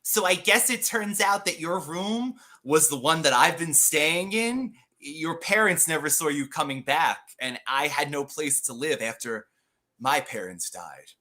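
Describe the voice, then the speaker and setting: Animated, bright-voiced woman, slow and lively. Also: sits low. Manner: animated, laughs often, dramatic reactions. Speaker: podcast co-host. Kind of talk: casual comedic reading of a script.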